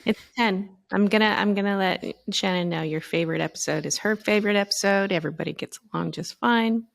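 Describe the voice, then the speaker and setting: A woman's voice: medium pitch, fast, gravelly. A woman co-hosting a recap podcast, wry and teasing in casual banter. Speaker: podcast co-host. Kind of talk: casual chat.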